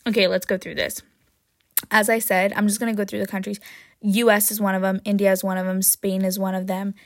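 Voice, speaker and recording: Chatty, excitable woman podcaster. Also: brisk, no room sound, studio quality. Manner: chatty and jokey, with frequent "right?" and "um"; excitable, with sudden jumps in pitch and loudness. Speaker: podcast host. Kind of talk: casual solo podcast chat.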